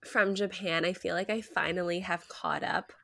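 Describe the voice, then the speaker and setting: A woman's voice: fairly low pitch, steady tone, normal speed, creaky, pushed and bright, no room sound. A woman co-hosting a podcast, sick with a cold and sounding nasal, chatting casually and laughing often. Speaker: podcast co-host. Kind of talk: casual chat.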